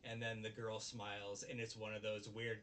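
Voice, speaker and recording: Animated man recapping, off-mic. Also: lowish voice, moderate pace. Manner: animated retelling, acts out characters' lines. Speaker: anime review host. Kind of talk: casual episode recap chat. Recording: distant mic with faint background noise.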